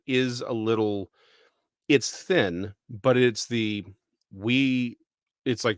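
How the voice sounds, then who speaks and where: A man's voice: medium pitch, takes it slowly, no echo, studio quality. Thoughtful, rambling man from Texas. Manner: thoughtful, rambling, full of restarts. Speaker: podcast co-host. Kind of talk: casual discussion.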